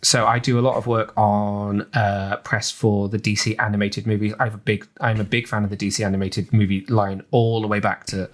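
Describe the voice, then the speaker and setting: A man's voice: fairly low pitch, level tone, a little fast, few pauses. A man with an English accent, chatting on a podcast and rambling with lots of ums and restarts. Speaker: podcast co-host. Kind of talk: casual chat.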